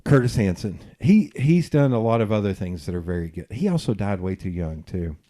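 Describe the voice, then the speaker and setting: A man in his forties hosting a podcast, telling stories in a lively, profane way and acting out the quotes. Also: lowish voice, fairly quick. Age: 40s. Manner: animated, acts out quotes, swears freely. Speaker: podcast host. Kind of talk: casual storytelling chat.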